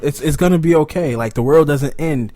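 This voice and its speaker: A young man, a rapper as a podcast guest, talking casually, bluntly and with animated swearing. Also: fairly high pitch, a little fast.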